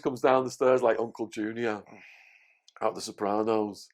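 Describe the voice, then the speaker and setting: A man telling his story as a podcast guest, animated and swearing freely. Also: fairly low pitch, moderate pace.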